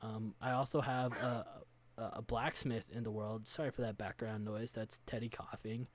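A man's voice: lowish voice, flat delivery, normal speed. A man co-hosting a casual chat about running tabletop games, talking earnestly and thinking aloud as he goes. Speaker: game master, podcast co-host.

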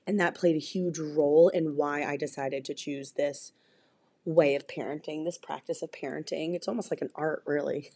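A woman's voice: low-pitched, fairly even intonation, normal speed, warm tone, breathy edge. A young adult woman co-hosting a casual podcast, talking candidly and earnestly, often restarting her sentences. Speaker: podcast co-host. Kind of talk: casual chat.

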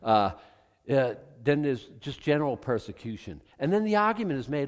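A man preaching a sermon as pastor, animated, swinging from hushed asides to loud exclamations. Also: mid-range voice, normal speed, in a large hall.

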